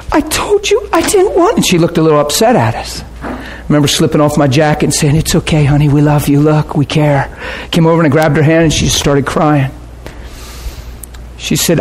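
A middle-aged man preaching and telling a story as a pastor, animated, jumping into shouts when he gets worked up. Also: on the high side, slight background noise. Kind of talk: sermon storytelling.

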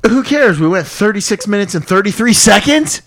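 A man's voice: sits high, lively intonation, moderate pace, fairly bright tone. A man co-hosting a podcast, bantering casually with crude, profane jokes. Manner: profane, joking. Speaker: podcast co-host.

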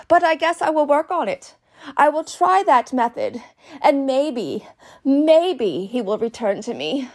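Playful woman vlogger, casual storytelling, high pitch and very lively delivery. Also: takes it slowly. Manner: playful, chatty, addresses viewers as "love bugs". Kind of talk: casual storytelling monologue to camera.

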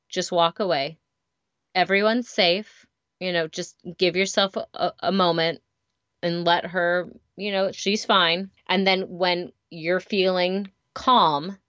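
Telling stories from her home life and her teaching job, a parent speaks candidly and chattily, using lots of fillers. Her voice sits on the low side and is smooth and fairly bright, and the slightly dull lo-fi recording has no room sound.

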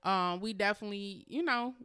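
A woman's voice: mid-range voice, brisk, bright, forceful tone, clear, resonant tone. A woman in her thirties co-hosting a podcast, chatting candidly and swearing freely, often mocking herself. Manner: candid, profane, self-mocking. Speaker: podcast co-host. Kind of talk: casual chat.

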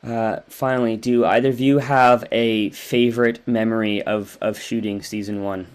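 A man's voice: lowish voice, level tone, normal speed, clear, resonant tone. A man interviewing two guests about a drama series, asking long questions with many restarts and repeated words.

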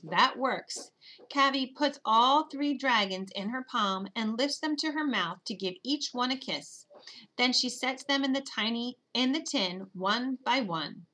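A woman giving expressive, steady first-person narration of a children's storybook. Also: on the high side, measured pace. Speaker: audiobook narrator.

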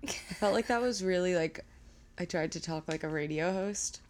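A woman hosting a casual podcast, chatty and quick to laugh, often trailing off mid-sentence. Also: on the low side. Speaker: podcast host. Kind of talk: casual chat. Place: apartment with windows open.

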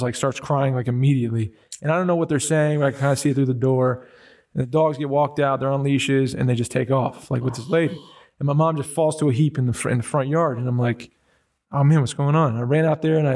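A man's voice: mid-range voice, a little mellow, recorded from a distance. A man in a casual conversation, telling personal stories in a rambling way with many fillers and restarts.

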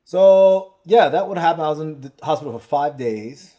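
A man co-hosting a casual podcast, telling animated stories, acting out conversations and laughing often while recovering from a stroke. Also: on the high side, moderate pace. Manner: animated storyteller, acts out quoted exchanges, laughs often. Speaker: podcast co-host. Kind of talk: casual chat.

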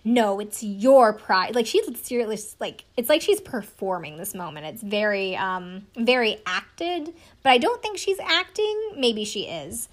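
A woman's voice: on the high side, sing-song, measured pace, hardly any pauses. A woman in her twenties recapping a reality show in casual chat, sarcastic and swearing now and then. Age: 20s.

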